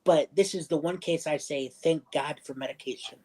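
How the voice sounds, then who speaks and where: A man's voice: fairly high pitch, normal speed, a little mellow, rough recording. A young man telling a personal story in casual livestream chat. He rambles, circles back, restarts sentences and acts out other people's lines.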